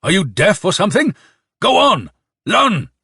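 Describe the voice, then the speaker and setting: A man's voice: high voice, wildly swooping pitch, measured pace, sharp tone, husky, dry recording, clean studio sound, voice pushed up, exaggerated voice. A man voicing a fierce, commanding male army colonel who barks his orders like a bugle call, in an audiobook reading. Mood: furious shouting.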